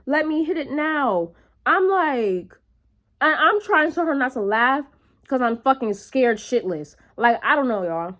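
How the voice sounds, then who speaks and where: A young woman vlogging in a casual, animated storytelling way, full of profanity and quick asides to her viewers. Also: sits high.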